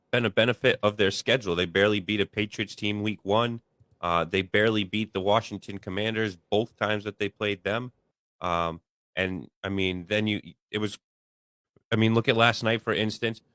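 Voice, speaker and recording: A man's voice: fairly low pitch, a bit bright, no room sound. A man co-hosting a casual sports talk show, giving blunt opinions with many fillers. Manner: opinionated, lots of fillers like "you know". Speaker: co-host.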